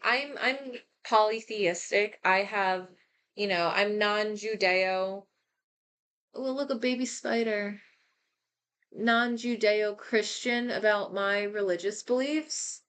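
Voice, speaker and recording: A young adult woman hosting a live stream, talking in a candid, rambling way with frequent swearing and quick asides. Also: mid-range voice, fairly bright tone, smooth. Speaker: host. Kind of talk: casual livestream monologue.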